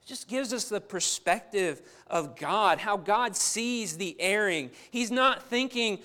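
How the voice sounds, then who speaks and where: A man's voice: high voice, expressive, a little slow, few pauses, pushed and bright. A man preaching a sermon in an earnest, emphatic manner, often repeating words as he builds his point.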